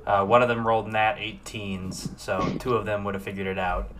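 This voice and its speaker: A man's voice: lowish voice, steady tone, moderate pace, noisy background. A man narrating as game master of a tabletop game, loose and rambling with many fillers.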